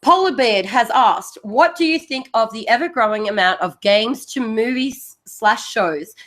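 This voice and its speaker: A woman's voice: a little high, measured pace. An Australian woman hosting a podcast, chatting casually and ranting with playful indignation. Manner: animated, mock-indignant ranting. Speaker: podcast host. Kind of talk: casual chat.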